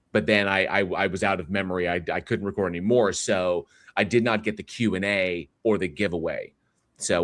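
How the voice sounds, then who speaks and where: A man's voice: lowish voice, dry recording, studio quality. A man hosting a livestream, chatting casually in a rambling way, reading viewer comments aloud and often restarting his sentences with fillers. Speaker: livestream host.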